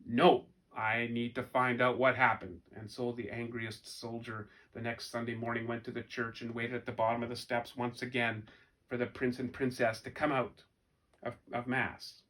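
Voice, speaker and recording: Bright-voiced expressive male storyteller. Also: mid-range voice. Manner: animated, expressive, slow emphatic questions. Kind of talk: storytelling for children.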